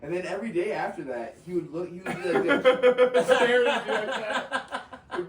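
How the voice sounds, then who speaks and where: Man, co-host, laughs through prank stories, higher voice, distant mic in an echoey room with crowd chatter. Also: animated, a little slow. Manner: laughing while telling pranks. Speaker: podcast co-host. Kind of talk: casual storytelling chat.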